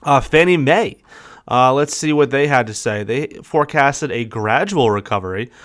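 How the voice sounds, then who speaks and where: Male podcast co-host, smooth clear voice, upbeat, reads figures and throws questions to his partner. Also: medium pitch, normal speed, fairly bright tone. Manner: upbeat, reads market forecasts aloud and quizzes his partner. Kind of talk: casual podcast chat.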